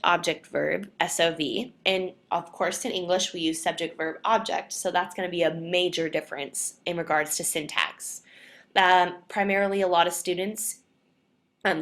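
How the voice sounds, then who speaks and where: A woman's voice: fairly low pitch, a bit bright. A young woman presenting to a class, explaining points in an earnest way and leaning on the word "definitely". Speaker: student presenter.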